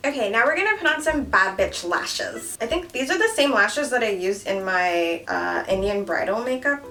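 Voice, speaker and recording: A woman's voice: mid-range voice, moderate pace, hardly any pauses, far from the mic, faint music behind. A woman in her thirties with a Canadian accent, chatting casually and jokingly through a makeup tutorial. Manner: playful, joking, animated. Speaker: beauty vlogger.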